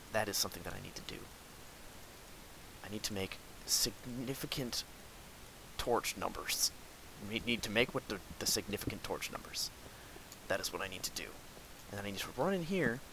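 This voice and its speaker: A young man hosting a gameplay video, excitedly commenting on his own play, talking to his enemies and breaking into outbursts and laughs. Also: on the low side, normal speed, long pauses, noisy background. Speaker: gaming video host.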